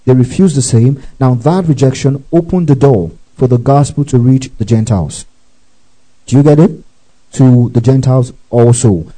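A man's voice: mid-range voice, moderate pace, warm tone, rough recording. A man preaching a teaching sermon, reading scripture with asides, often asking if listeners follow and breaking into praise exclamations. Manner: reads scripture aloud with asides.

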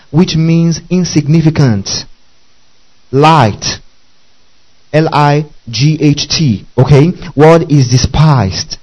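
A man teaching a Bible passage verse by verse, often pausing to ask his listeners if they follow. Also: a little high, a little mellow, dull audio. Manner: checks in often with "okay?" and "you see that?".

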